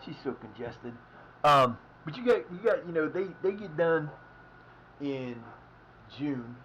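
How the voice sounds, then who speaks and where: A man's voice: a little high, lively intonation, a little slow, slight background noise. A man casually chatting while streaming a football management game, rambling and swearing now and then. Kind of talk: casual live-stream commentary. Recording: slightly dull lo-fi mic.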